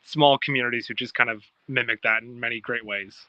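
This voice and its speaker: Canadian guy, super bright sharp voice, friendly chatty, kinda muffled lo-fi call audio. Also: medium pitch, steady tone, a little fast, dry recording. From Ontario, Canada. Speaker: guest. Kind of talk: casual video call chat. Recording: dull lo-fi video call audio.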